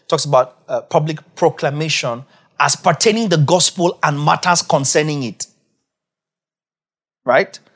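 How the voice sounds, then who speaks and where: A male preacher with a somewhat high voice teaches from Scripture in a sermon style. He quizzes his listeners with rapid questions and repeats key phrases. His delivery swings from hushed low asides to loud, high bursts of emphasis.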